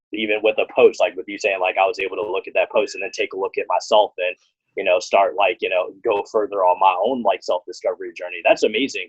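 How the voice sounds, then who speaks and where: A man with a husky, fairly low voice hosts a relaxed talk. He rambles through a story and voices the other people in it. The recording sounds dull and dry. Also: no room sound. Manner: rambling storyteller, acts out dialogue. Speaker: podcast host. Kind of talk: casual conversation.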